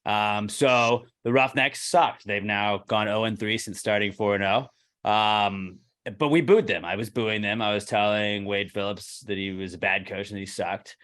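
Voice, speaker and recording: Young guy cohosting a podcast, lowish voice, swears a lot and acts out the back and forth. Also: measured pace. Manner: animated storyteller, swears freely, acts out quoted exchanges. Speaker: podcast co-host. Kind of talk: casual podcast banter.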